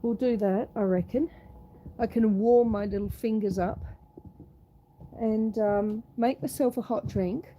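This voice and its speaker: A woman with a fairly high but dark-toned voice and fairly even intonation talks a little slowly on her homestead vlog. In this casual walk-and-talk, she goes from freezing fog outside into her house, cooing at her pets, with slight background noise.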